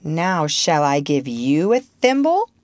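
A woman's voice: low voice, very animated, slow, a little mellow, dry recording, full character voice. A woman voicing a cocky, cunning young boy in a storybook reading, boastful and coaxing. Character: cocky, cunning boy Peter who never grows up.

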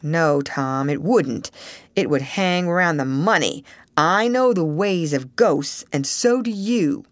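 A woman voicing a superstitious, wary boy sidekick with a slow, nervous folksy drawl. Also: sits low, lively intonation, no room sound. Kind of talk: audiobook character reading.

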